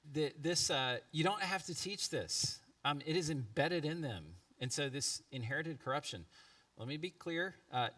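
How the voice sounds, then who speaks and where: A man in his thirties preaches to his congregation in an easy, conversational way, with fillers and little asides. His voice sits low but sounds bright and forward. The live church recording catches him from a little way off the mic. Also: distant mic. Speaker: pastor. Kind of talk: sermon. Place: church sanctuary.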